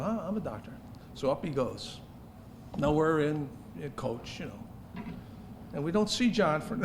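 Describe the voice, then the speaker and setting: Man, gala toast, teasing anecdote, slightly high voice, room noise behind. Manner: jokey, teasing anecdote with laughs. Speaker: gala speaker telling a story. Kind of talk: storytelling toast. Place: banquet hall at an evening gala.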